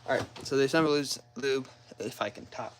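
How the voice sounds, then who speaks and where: The audio is poor, with a little hiss or hum, as a phone set nearby captures a car mechanic vlogger in his garage. Medium-pitched and fairly quick, he rambles through each engine step, talks to himself, and makes self-deprecating jokes.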